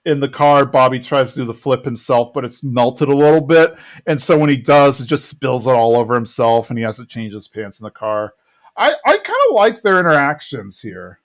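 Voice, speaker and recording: A man co-hosting a podcast, casually retelling a cartoon episode in a chatty, rambling way, with fillers and quick quoted lines. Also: medium pitch, expressive. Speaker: podcast co-host.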